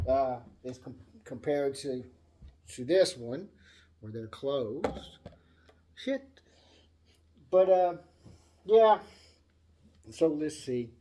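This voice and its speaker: A man casually telling a rambling story about buying a guitar, acting out the voices of the people in it, then demoing the instrument. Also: mid-range voice. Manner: rambling, animated, acts out voices in anecdotes. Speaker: guitar channel host.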